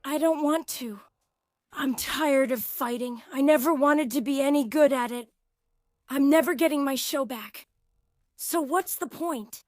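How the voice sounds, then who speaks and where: A woman's voice: high-pitched, measured pace, darkish tone, no echo, clean studio sound. A woman voicing a despairing young crab hero. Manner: whiny, defeated, sulky. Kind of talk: video game cutscene dialogue.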